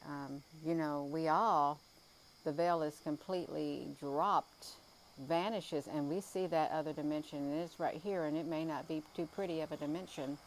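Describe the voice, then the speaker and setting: Outdoors at night, with faint crickets and hiss in the background, a low-voiced woman hosts a casual sky-watching livestream, sounding tired and yawning. She rambles through her thoughts with lots of ums and uhs and calls her viewers "you all." The recording is rough.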